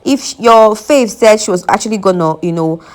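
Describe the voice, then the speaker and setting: A woman's voice: medium pitch, lively intonation, brisk, darkish tone. Nigerian woman, young adult, casual gossip vlogger, opinionated and chatty, mid-range voice. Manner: chatty, opinionated, reads out fan comments. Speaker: entertainment vlogger. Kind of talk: casual reality-show gossip commentary.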